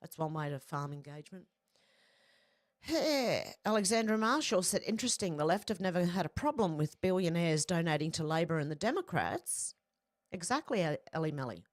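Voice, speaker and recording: An Australian woman with a slightly low voice, talking casually and bluntly and swearing freely. She reads out posts one after another and breaks in with quick asides of her own. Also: big pitch swings. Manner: blunt and profane, with mid-sentence asides. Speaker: political commentary vlogger. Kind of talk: casual commentary reading out social media posts.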